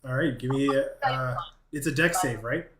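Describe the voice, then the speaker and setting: Casting: relaxed tabletop game master, mid pitch, roomy echoey recording. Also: moderate pace, noisy background. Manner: relaxed, calls turns and rulings.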